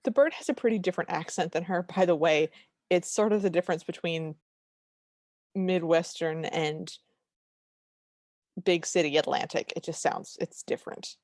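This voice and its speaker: A woman's voice: lowish voice, normal speed, pauses often, a little mellow, no room sound, studio quality. A woman co-hosting a podcast, giving wry, sardonic asides in casual film recap chat. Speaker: podcast co-host.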